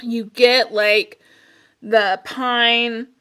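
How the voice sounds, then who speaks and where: A woman's voice: a little high, flat delivery, drawn-out words, fairly bright tone, clean tone. A woman casually chatting through her candle reviews, rambling with plenty of fillers and sounding a little out of breath. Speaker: candle and wax melt reviewer. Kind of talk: casual chat.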